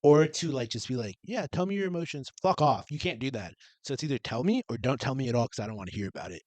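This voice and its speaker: A young man co-hosting a podcast in casual chat, rambling and sometimes trailing off quietly. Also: mid-range voice, lively intonation, racing, dry recording. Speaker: podcast co-host.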